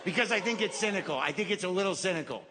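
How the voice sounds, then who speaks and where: A man's voice: sits high, animated, very fast, pushed and bright. A middle-aged man doing a stand-up routine, rambling and self-deprecating in a wry, neurotic way. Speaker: stand-up comedian. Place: stage in a theater. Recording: live theater with crowd and reverb.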